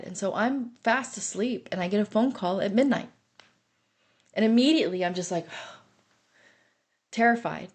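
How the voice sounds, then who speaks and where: A woman's voice: fairly high pitch, a little mellow. Earnest woman recounting a hard story. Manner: earnest, intense retelling. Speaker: storyteller sharing her own experience. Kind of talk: personal recovery story podcast.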